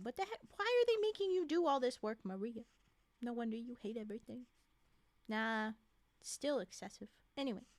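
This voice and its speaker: High-voiced woman streamer reading aloud. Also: dry recording. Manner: chatty, reacts loudly and talks back to the characters. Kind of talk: reading a story aloud with live commentary.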